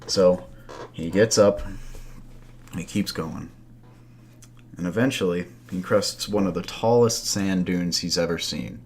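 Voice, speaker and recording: A man's voice: sits low, takes it slowly, pauses often, slight background noise. A man narrating a campfire story as a podcast host, loose and conversational, with asides and fillers.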